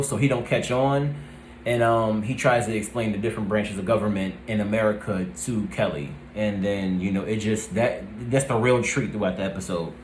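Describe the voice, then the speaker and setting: A man giving a casual, rambling recap of a TV episode, often pausing with "let's see" and "um". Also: fairly low pitch, slight background noise. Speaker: TV review vlogger. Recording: roomy echo.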